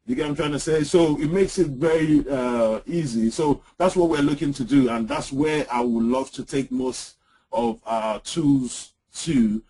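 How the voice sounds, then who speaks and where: Husky-voiced man co-presenting a webinar. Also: mid-range voice, mellow, rough recording. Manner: halting, many fillers and restarts, joking. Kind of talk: casual webinar talk.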